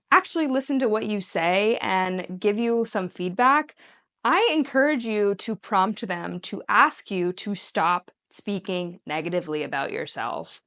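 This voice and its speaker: Earnest, encouraging woman coach. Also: mid-range voice. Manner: earnest, encouraging, breaks into bright mock-cheery voices for quoted lines. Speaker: self-help coach. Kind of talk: casual talk to camera.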